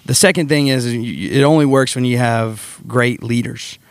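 A man, a football coach guest, telling animated stories in casual podcast chat. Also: medium pitch, normal speed, no room sound. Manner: storytelling, animated, acts out quotes. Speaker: football defensive coordinator guest.

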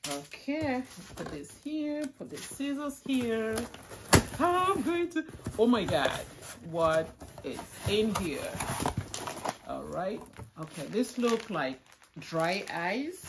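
A middle-aged woman chatting casually in a home vlog, exclaiming excitedly while she opens gifts. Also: medium pitch, slow, very noisy. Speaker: vlogger.

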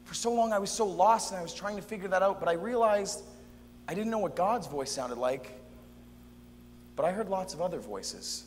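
A man performing a dramatic spoken-word monologue, expressive and shifting between soft and loud. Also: high-pitched, normal speed, in a large hall, a little hiss or hum. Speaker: performer in a youth event drama sketch.

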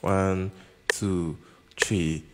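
A man teaching keyboard in a casual, halting way, often stopping to check that the listener understands. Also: low-pitched, fairly even intonation. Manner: keeps checking in with "you understand?"; halting, with restarts and repeated words. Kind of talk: casual instructional talk. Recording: long reverb with keyboard music behind.

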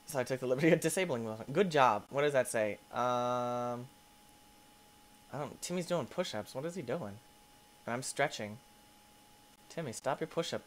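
A man giving excitable let's play commentary, yelping and squealing as things go wrong and talking to the characters on screen. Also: medium pitch, normal speed, pauses often, slight background noise. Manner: playful, talks to the game characters. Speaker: gaming YouTuber.

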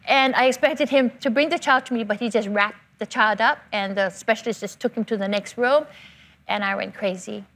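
A woman's voice: fairly high pitch, brisk, a bit bright. An older woman telling her personal testimony in a church interview, emotional and fervent, repeating herself for emphasis. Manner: fervent, emotional storytelling with repetition. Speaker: church member giving testimony.

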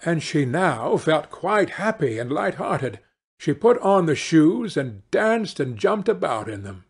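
A man narrating a fairy-tale audiobook in a slow, deliberate reading. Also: fairly high pitch, sing-song, husky. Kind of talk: audiobook storytelling.

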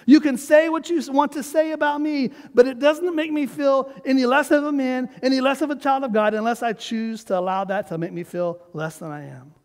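A man with a high voice preaches in a church sanctuary, his words ringing out with a long reverb. He is emphatic and calls on the congregation to repeat after him. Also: steady tone, fairly quick, hardly any pauses, darkish tone. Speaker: pastor. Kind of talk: sermon.

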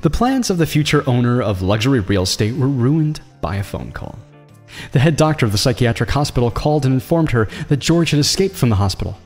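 A man narrating a drama story in a measured, dramatic way. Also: mid-range voice, very animated. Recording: long reverb with soft music.

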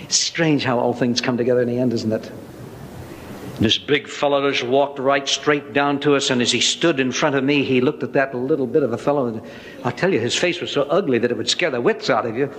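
An older man giving a testimony from the pulpit, telling his story in a lively, dramatic way. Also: medium pitch, fairly quick. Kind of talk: sermon storytelling. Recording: long hall reverb, faint noise.

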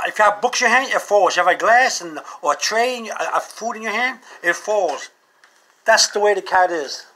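A man vlogging a comic monologue to camera, animated and full of rhetorical questions. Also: sits high.

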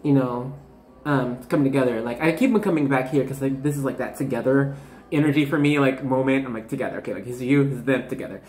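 A woman's voice: a bass voice, fairly quick, darkish tone, echoey room, soft background music. Rambling young woman reading tarot. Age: 20s. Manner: rambling, filler-heavy, bubbly and self-interrupting. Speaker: tarot reader. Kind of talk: casual tarot reading to camera.

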